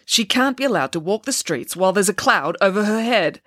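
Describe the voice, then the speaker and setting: A woman's voice: mid-range voice, animated, a little fast, fairly bright tone, dry recording, clean studio sound, pitched above the performer's own voice. A woman doing a curt police investigator. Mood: stern. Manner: clipped, officious. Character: stern male police investigator, curt and officious.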